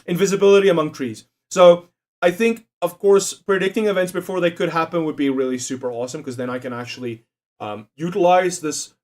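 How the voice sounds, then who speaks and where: A young man chatting casually on a livestream, swearing and joking as he reads out quiz options. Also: on the high side. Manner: profane, jokey, reads quiz options aloud.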